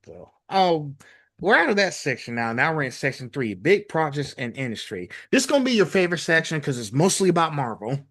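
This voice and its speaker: A man's voice: on the high side, brisk. A man hosting an interview podcast, joking and chatting casually with his guest. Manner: playful, joking, animated. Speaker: podcast host.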